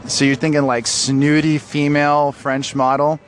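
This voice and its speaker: A man's voice: fairly high pitch, flat delivery, a little slow, few pauses, slight background noise. A man co-hosting a casual podcast chat, self-deprecating and laughing often. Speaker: podcast co-host, narrator and horror author.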